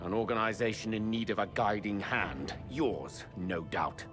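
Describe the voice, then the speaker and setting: A man's voice: fairly low pitch, a little slow, over music, close to an everyday voice. Male actor as a proud, accusing ambassador, cold delivery, score under the dialogue. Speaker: game character.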